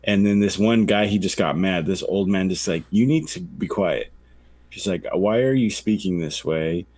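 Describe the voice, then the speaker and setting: A man's voice: low voice, normal speed, a little mellow, no echo. A man co-hosting a podcast, telling a long story in casual chat, acting out quoted voices and swearing freely. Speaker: podcast co-host.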